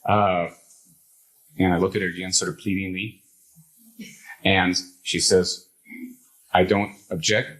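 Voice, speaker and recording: A man's voice: sits low, measured pace, long pauses, poor audio. Older man telling a story with animation. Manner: animated, acts out the others' lines in the story. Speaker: storyteller speaking to an audience. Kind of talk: anecdotal talk to a live audience.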